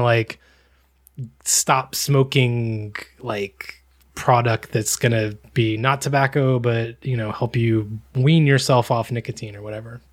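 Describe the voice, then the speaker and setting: A man's voice: medium pitch, slow. Sardonic American man, mid voice. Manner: sardonic, emphatic storytelling. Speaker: podcast co-host. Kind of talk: casual chat.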